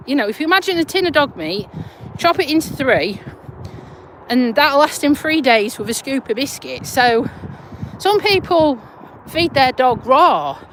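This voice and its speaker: A woman with a high, fairly bright voice chats casually on a live stream while walking her dog on an urban street, holding her phone in her hand. She's down-to-earth and swears a little, and the low-quality recording picks up slight background noise.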